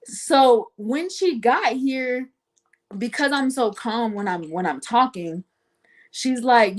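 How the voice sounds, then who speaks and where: Slow and a little high-voiced, a woman appears as a talk show guest sharing a personal story. She tells it casually and with animation, performing the voices of the people involved.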